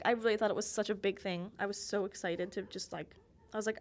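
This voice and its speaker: A woman's voice: medium pitch, steady tone, quick pace. A young woman hosting her own podcast, telling childhood stories in a chatty, giggly way and acting out quoted voices. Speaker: podcast host. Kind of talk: casual solo storytelling.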